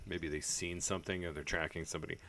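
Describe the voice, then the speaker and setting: A man's voice: low voice, steady tone, fast talker, creaky, sharp tone, no echo. A man playing a horror game and joking his way through it, with crude humor and lots of laughter. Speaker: gaming video host. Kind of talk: horror game let's play commentary.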